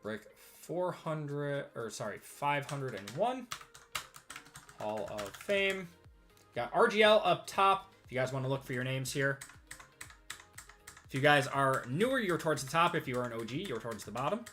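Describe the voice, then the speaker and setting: A man's voice: mid-range voice, expressive, moderate pace, pushed and bright, faint music behind. A man hosting a live card break stream, chatty and upbeat, reading out names with easy laughs and a slightly strained voice. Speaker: host of a live sports card group break. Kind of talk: casual live-stream chat. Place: at a desk.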